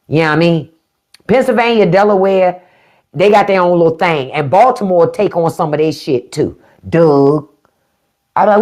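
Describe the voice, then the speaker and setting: A middle-aged woman from the Washington DC area hosts a casual livestream chat. She speaks at an unhurried pace, and her pitch rises and falls in a lively way. She drags words out as she plays with them. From DMV area (Washington DC region). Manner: chatty, drawn-out word play, frequent laughs. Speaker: livestream host.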